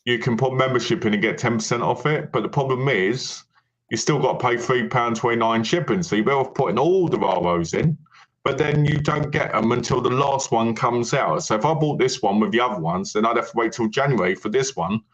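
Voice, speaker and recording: A man's voice: medium pitch, brisk. A man from Britain co-hosting a casual film chat, explaining things at length. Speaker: co-host.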